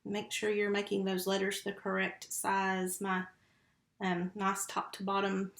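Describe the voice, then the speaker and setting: A woman who teaches first grade, giving a slow, patient remote phonics lesson and sounding out syllables and letters. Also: medium pitch, completely flat delivery, vocal fry, a bit bright, roomy sound.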